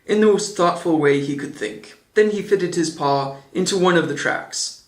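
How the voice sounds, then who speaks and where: A man's voice: high voice, moderate pace. Man reading a storybook in an echoey room. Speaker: audiobook reader. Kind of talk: storybook narration. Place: indoor room, on camera. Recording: roomy echo.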